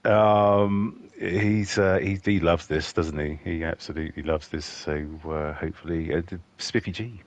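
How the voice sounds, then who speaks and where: A man with a very deep, low-pitched voice, commentating a race in a loose, chatty way. He is jovial and laughs easily, bantering between remarks. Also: fairly even intonation, unhurried, hardly any pauses. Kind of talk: casual live race commentary.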